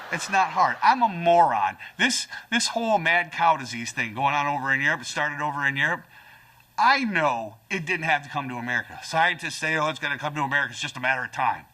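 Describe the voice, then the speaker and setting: A man in his forties doing a stand-up routine, animated, jumping to high voices to act out his stories. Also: normal speed. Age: 40s. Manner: animated, jumps to high voices for acted-out lines. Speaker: stand-up comedian.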